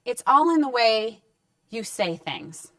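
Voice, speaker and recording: A woman's voice: on the high side, very animated, takes it slowly, fairly bright tone. A woman in a parenting counselor role talks through discipline tips in a conversational, reassuring manner. She sits back from the mic, so her voice sounds slightly distant. The room adds almost no echo. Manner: conversational and reassuring, acting out short parent-child exchanges. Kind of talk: direct-to-camera parenting advice talk.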